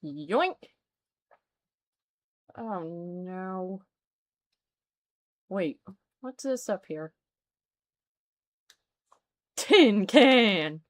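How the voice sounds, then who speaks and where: A woman's voice: lowish voice, animated, drawn-out words, pauses often, a little mellow. A woman streaming a game, chatting casually and exclaiming as she plays. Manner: chatty, exclaims and reacts aloud. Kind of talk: casual let's-play chat.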